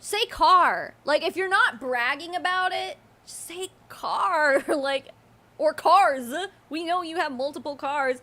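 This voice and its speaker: A young woman with a high voice talks through a livestream she is reacting to. Her commentary is sarcastic and incredulous. She mocks what she hears and often laughs. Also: takes it slowly, sharp tone.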